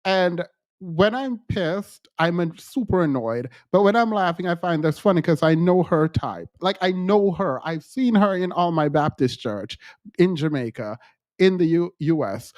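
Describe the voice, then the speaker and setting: A man's voice: sits high, lively intonation, unhurried, a little mellow, no echo, studio quality. A man hosting casual online commentary, ranting in an exasperated, annoyed way. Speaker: commentary host.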